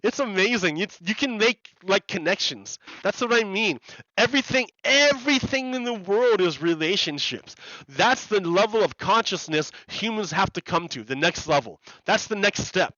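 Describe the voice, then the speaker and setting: A man's voice: high voice, animated, normal speed, sharp tone, dry recording, highs cut off. A man chatting casually on a live game stream, rambling and repeating words as he explains ideas to his viewers. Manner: rambling, repeats words and restarts, laughs often.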